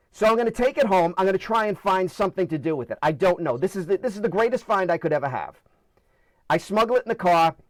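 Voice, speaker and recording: A man with a New York accent tells funny stories, acting out the voices as he goes. His voice sits high for a man. The sound is dry and close, with no room around it. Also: dry recording. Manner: animated, acts out voices in anecdotes. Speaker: guest storyteller. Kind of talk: casual storytelling.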